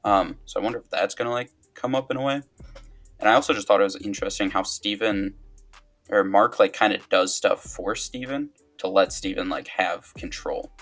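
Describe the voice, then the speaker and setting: A man's voice: lowish voice, moderate pace, a bit bright, faint music behind. A man co-hosting a podcast, talking hesitantly with many fillers as he thinks aloud. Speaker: podcast co-host. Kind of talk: casual chat.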